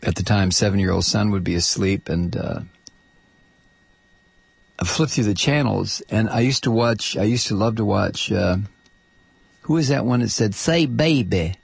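A man's voice: on the low side, normal speed, vocal fry, pauses often, breathy edge, no room sound. A middle-aged man hosting a casual opinion monologue, talking in a blunt, rambling way full of hesitations and restarts.

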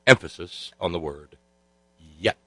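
Sarcastic male talk host, low dry voice. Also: animated, a little slow, bright, forceful tone, husky, no room sound, poor audio. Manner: sarcastic, rambling with many filler sounds. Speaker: radio talk show host. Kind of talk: sardonic political commentary.

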